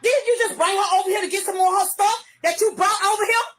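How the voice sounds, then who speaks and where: A middle-aged woman in a heated, profane live-stream rant, often shouting. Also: extremely high pitch, quick pace, a little hiss or hum. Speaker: livestreamer.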